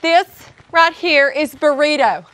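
High-pitched goofy woman hosting kids' video. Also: measured pace, a bit bright. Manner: goofy, chatty, talks to the animals. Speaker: kids' show host. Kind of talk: playful educational kids' vlog. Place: outdoor animal sanctuary.

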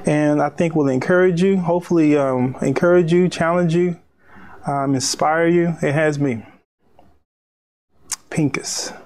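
A man preaching a sermon in a conversational way, with pauses, restarts and drawn-out emphasis. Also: on the high side, fairly even intonation, a little mellow. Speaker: pastor.

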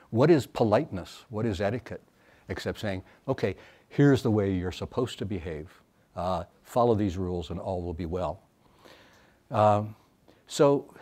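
Give me a male academic lecturing in a low-ish voice, hesitant and thoughtful, full of pauses and fillers. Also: a little mellow. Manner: thoughtful, halting, many fillers and restarts. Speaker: professor giving a lecture.

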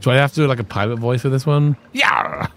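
A man's voice: medium pitch, fast talker, fairly bright tone, soft background music. A man streaming a game, rambling casually with lots of filler words as he picks his moves. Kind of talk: casual gameplay commentary.

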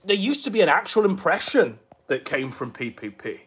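A man's voice: high voice, big pitch swings, moderate pace, few pauses, a bit bright, husky. A man giving crude, profane, mocking commentary on clips, sneering and taunting. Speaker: online commentator.

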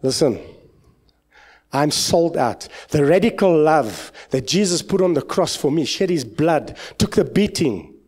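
A husky-voiced South African pastor gives an emotional sermon in church, his delivery rising to loud exclamations and dropping to low asides. He's expressive and speaks at a measured pace.

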